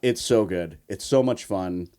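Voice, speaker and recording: A man's voice: deep voice, a little slow, mellow. A man co-hosting a movie podcast, chatting casually and eagerly urging friends to see films. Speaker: podcast co-host. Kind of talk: casual movie recommendation chat.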